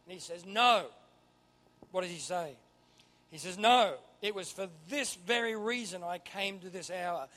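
A man preaching a sermon, swinging from quiet asides to loud emphatic bursts. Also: high-pitched, a little fast. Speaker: pastor.

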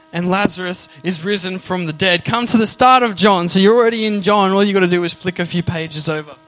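A man with a high, bright voice preaching with lively energy. He keeps asking his listeners "amen?" and "you with me?". Faint music plays softly behind him. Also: a little fast, few pauses. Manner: animated, engages audience with "amen?". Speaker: pastor. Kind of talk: sermon.

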